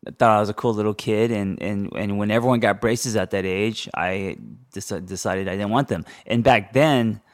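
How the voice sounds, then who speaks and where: A man's voice: fairly low pitch, fairly even intonation, moderate pace. Lisping man in his forties. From Los Angeles. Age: 40s. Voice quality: slight lisp from braces. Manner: rambling, full of ums and tangents. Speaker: therapist and podcast host. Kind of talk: unscripted casual monologue.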